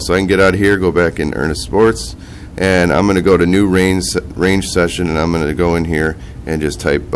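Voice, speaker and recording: A man in his thirties with a low voice, nasal and stuffed up from a cold. He walks through a gadget in a casual, halting way, pausing as he taps through screens, with faint outdoor sound behind him. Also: a little hiss or hum. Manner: halting, talks while operating a device. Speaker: product demonstrator. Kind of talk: casual product demonstration.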